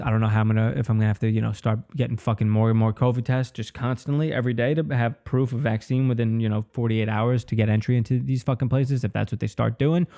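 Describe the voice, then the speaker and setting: A man's voice: medium pitch, dark tone. A man in his twenties, a comedian hosting his own podcast, rambling alone in a casual, profane way and saying "dude" often. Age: 20s. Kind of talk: casual solo podcast monologue.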